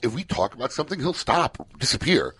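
A man co-hosting a live radio talk show in a studio, telling stories in an animated way. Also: mid-range voice, a little fast, slightly rough. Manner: animated storyteller, acts out shouting bits. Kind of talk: casual radio chat.

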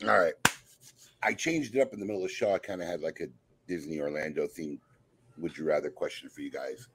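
A man hosting a podcast in casual group chat, animated and teasing with quick asides. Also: very deep voice, background noise. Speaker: podcast host.

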